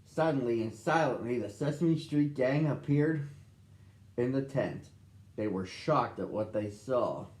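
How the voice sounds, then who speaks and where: A man's voice: medium pitch, expressive, measured pace, darkish tone, echoey room. A man reading a storybook aloud expressively for children.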